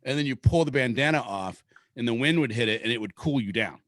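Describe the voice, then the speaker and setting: A man's voice: mid-range voice, animated, fast talker, fairly bright tone, dry recording, studio quality. A man from Seattle telling a long rambling story in casual podcast chat, swearing freely. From Seattle, Washington. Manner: rambling, profane, laid-back storyteller. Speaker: podcast host.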